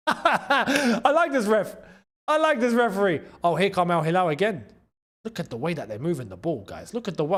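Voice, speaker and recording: A man with a high voice for a man hosts a live football watchalong on a streaming mic. He is excitable and loose, repeats his phrases and breaks into laughter between calls. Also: moderate pace. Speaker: host.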